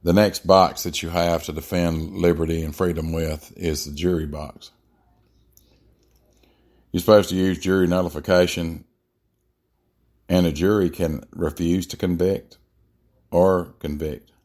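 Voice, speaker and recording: Deep-voiced blunt man ranting. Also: fairly even intonation, unhurried, pauses often, darkish tone. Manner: blunt, emphatic, with frequent fillers and restarts. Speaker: podcast host. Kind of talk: opinionated political monologue.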